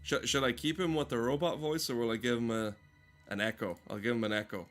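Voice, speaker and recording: A man's voice: medium pitch, steady tone, fast talker, fairly bright tone, soft background music. A man giving casual, joking commentary while playing a game, rambling and swearing often. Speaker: gaming streamer. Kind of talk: casual let's play commentary.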